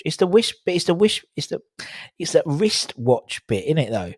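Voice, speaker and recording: A man's voice: a little high, big pitch swings, normal speed, husky, dry recording, clean studio sound. A young man, hosting a casual livestream, reading the chat aloud and laughing at tongue twisters. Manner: chatty, laughing at tongue twisters, rambling with fillers.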